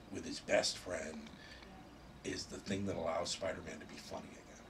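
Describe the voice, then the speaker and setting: A man guest in a casual interview, retelling stories in an animated, excited way with casual swearing. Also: lowish voice, distant mic, background noise. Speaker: comic book writer guest.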